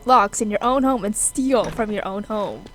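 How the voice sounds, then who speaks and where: A woman's voice: medium pitch, normal speed, slight background noise. A woman hosting a video game let's play, chatting casually and a bit self-consciously. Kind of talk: casual gameplay commentary.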